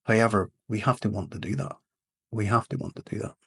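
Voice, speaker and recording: Gravelly Northern Irish man, husky. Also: on the low side, fast talker. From Northern Ireland. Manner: storytelling, animated quotes in a fable. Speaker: podcast guest, leadership coach. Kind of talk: casual interview talk.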